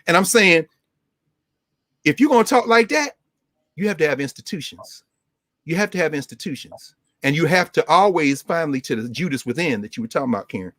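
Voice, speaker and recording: A man giving an impassioned, preacherly talk as a regular guest scholar on a show, swinging his pitch widely. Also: fairly bright tone, dry recording, clean studio sound. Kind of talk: animated lecture-style talk.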